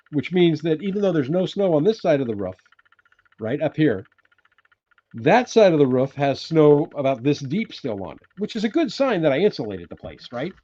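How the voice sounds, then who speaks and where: Rambling older man with a lively, mellow voice. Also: on the high side, husky, muffled recording. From California. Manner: rambling, chatty, laughs often, greets viewers loudly. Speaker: live-stream host. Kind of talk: casual live chat with viewers. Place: off-grid cabin indoors.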